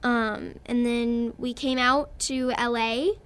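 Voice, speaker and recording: A woman's voice: on the high side, fairly even intonation, takes it slowly, a bit bright, clean tone. Giggly young Texan girl. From Texas. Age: child. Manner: bubbly, giggly, earnest. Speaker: guest actress. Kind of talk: radio interview.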